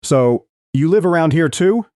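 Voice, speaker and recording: An eager, curious fourteen-year-old kid from the city, as a man reads the part, asking questions in a voice lifted well above his deep register. The lines swing lively up and down, and the recording is close and dry. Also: measured pace, dry recording.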